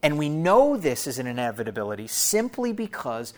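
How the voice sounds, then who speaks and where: A man's voice: on the high side, big pitch swings, fairly quick. A man preaching a sermon to his church in an earnest, teaching manner, repeating key phrases for emphasis and speaking to listeners as family. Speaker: pastor.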